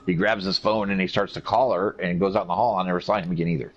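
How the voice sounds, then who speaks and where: A man recovering from surgery, telling profane, animated stories in a casual chat. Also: deep voice, racing. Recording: dull lo-fi recording with faint noise.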